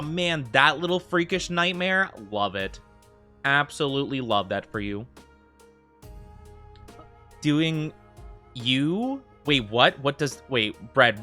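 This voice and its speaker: A man's voice: a little high, sharp tone. An American man streaming a game, chatting casually and rambling with lots of filler words. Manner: rambling, heavy use of fillers like "like". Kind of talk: casual livestream chat.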